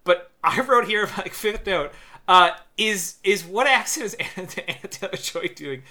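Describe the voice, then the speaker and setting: A man co-hosting a podcast, talking in a loose, animated, ranting way with bursts of laughter. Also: sits high, moderate pace. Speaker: podcast co-host. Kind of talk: casual podcast chat.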